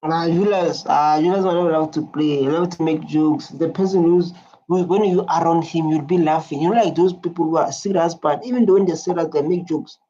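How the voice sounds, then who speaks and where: A man's voice: a little high, fairly even intonation, brisk, dark tone. A man hosting a reaction video, chatting casually in loose informal English and laughing often. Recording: dull lo-fi recording.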